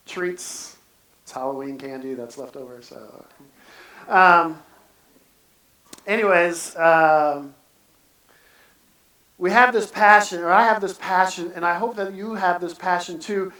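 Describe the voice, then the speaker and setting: A man preaches in a loose, earnest way and keeps stopping to restart his sentences. His voice sits a little high and is picked up from some distance, so it rings around a large church sanctuary. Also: fairly bright tone, roomy sound. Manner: earnest, halting, many restarts. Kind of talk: casual church sermon.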